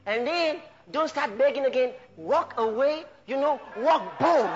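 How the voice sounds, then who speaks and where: A man preaching a fervent sermon, laughing and bursting into shouts of praise. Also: very high-pitched, lively intonation, measured pace, few pauses. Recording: dull lo-fi recording with faint music.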